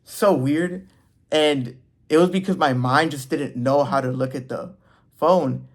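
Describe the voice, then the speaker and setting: A man's voice: a little high, measured pace. A man in his twenties telling a personal story in a loose, rambling, self-interrupting way. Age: 20s. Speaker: vlogger. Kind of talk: casual storytelling to camera.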